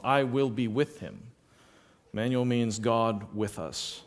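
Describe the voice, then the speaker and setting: A man's voice: mid-range voice, slow. A man preaching a sermon, reading scripture passages aloud and explaining them, rising in volume for emphasis.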